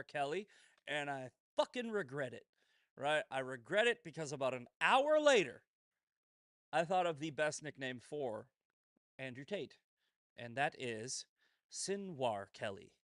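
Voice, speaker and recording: A man's voice: fairly high pitch, fairly bright tone, dry recording. A man hosting a casual commentary show in a slightly raised voice, recorded dry and close. He is sarcastic and swears a lot. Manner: laughing, profane, sarcastic. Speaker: host.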